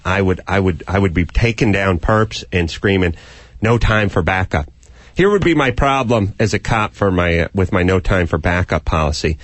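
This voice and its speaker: Radio host man, shouting comic riffs. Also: deep voice, animated, moderate pace, few pauses, dry recording. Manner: riffing, bursts into shouted mock cop voices. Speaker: radio talk show host. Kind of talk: comedic radio banter.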